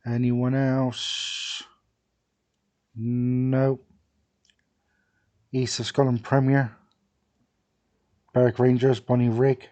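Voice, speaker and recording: A young man casually commenting on a football management game, thinking aloud with many fillers and pauses. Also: mid-range voice, little pitch movement, mellow. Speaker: gaming video creator.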